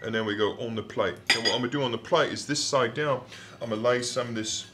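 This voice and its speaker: A man's voice: mid-range voice, quick pace, echoey room, very noisy. Man with a put-on London accent. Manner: rambling, hesitant with many ums, playful. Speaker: novelist cooking a recipe. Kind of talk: casual cooking demonstration.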